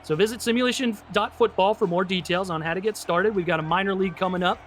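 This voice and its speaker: A man calling live play-by-play for a simulated football game, excitable and rising sharply on big plays. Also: sits high, quick pace, soft background music. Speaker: play-by-play announcer. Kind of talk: live esports football commentary.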